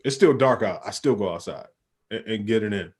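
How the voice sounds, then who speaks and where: Young male podcast co-host, low voice, slangy and relaxed. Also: brisk, slightly rough. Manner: laid-back slangy, says bro often. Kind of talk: casual chat.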